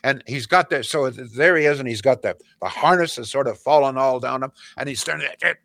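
A man's voice: medium pitch, brisk, vocal fry, fairly bright tone, no echo, studio quality. An older man, a radio host telling rambling family stories and reading a live ad. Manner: rambling storyteller, laughs at own stories. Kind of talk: casual radio chat and live ad read.

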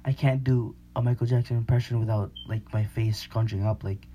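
A man's voice: mid-range voice, steady tone, brisk, dark tone, a little hiss or hum. A young man hosting a podcast in casual chat, slangy and rambling, often laughing. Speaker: podcast host.

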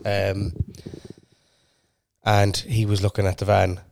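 A man's voice: on the low side, level tone, takes it slowly, gravelly, a little mellow, no room sound. A man, co-hosting a podcast and telling a long sweary story in casual chat. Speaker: podcast co-host.

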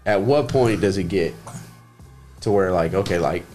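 A man's voice: low-pitched, moderate pace, a little mellow, faint music behind. A young man from Texas telling a rowdy story in casual chat, swearing freely and acting out what people said. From Grand Prairie, Texas. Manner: rambling storyteller, swears freely, acts out quotes.

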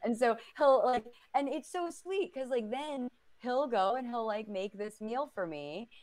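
A woman's voice: a little high, animated, measured pace, darkish tone. A woman co-hosting a casual talk podcast, telling stories animatedly with many fillers. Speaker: podcast co-host. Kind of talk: casual chat.

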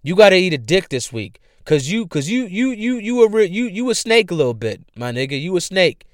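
Young guy doing his podcast, cussing a lot, smooth clear voice, dry close mic. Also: sits high, fairly quick, no room sound. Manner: profane, blunt, heated rants then relaxed sign-off. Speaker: podcast host. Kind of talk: casual solo podcast rant. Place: home room.

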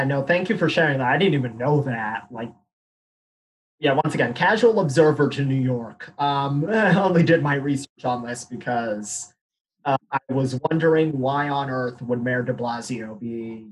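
A man's voice: mid-range voice, normal speed, slight background noise, low-quality recording. A young man from Arizona, a panelist on a college podcast, talking candidly in casual discussion and laughing nervously at grim news. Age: young adult.

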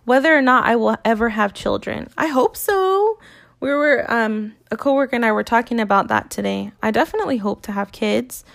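A woman's voice: fairly high pitch, lively intonation, fairly quick, vocal fry, a bit bright. Casual, swearing young woman vlogger. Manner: candid and profane, with filler words. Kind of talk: casual chat to viewers.

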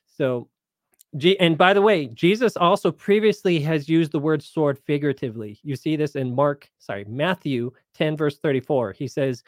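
Speaking fairly quickly in a slightly high voice, a man hosting a live Bible Q&A show walks through verses in a relaxed, chatty way, putting scripture into everyday speech. The studio-quality recording has no room sound.

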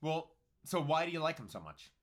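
Lively, teasing male podcast co-host. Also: a little high, a little fast. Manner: loud, goofy, teasing. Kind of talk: casual comedic banter.

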